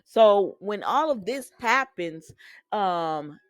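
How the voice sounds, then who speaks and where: A woman's voice: mid-range voice, expressive, slow, no echo. A woman recapping a soap opera episode in a casual, chatty way, making asides to her viewers.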